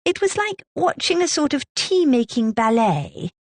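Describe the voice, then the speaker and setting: A woman narrating an audiobook in a measured, descriptive manner on a close studio mic. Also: high voice, very animated, no room sound. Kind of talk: scripted narration.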